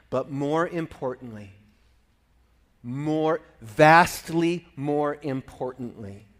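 A middle-aged man preaching a sermon, with quiet, reflective stretches that build into loud, emphatic exhortation. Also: on the high side. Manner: swings between hushed storytelling and rising emphatic preaching. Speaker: pastor.

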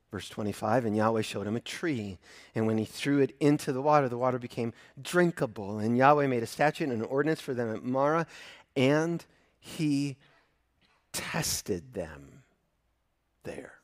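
A man preaching a sermon, animated, acting out the voices of the people in his story with loud bursts. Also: mid-range voice, moderate pace, no echo, studio quality. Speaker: pastor.

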